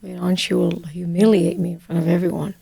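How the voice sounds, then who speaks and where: Woman from morocco hosting a chat, super gravelly husky voice, dry close sound. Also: fairly low pitch, flat delivery, warm tone, dry recording. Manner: reflective, unhurried storytelling with fillers. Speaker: podcast host. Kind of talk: casual conversation.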